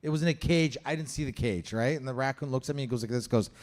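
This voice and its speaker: A man's voice: mid-range voice, quick pace, a little mellow. A man from Canada doing a stand-up comedy set, telling a story with lots of swearing and acting out the voices. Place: comedy show venue with live audience.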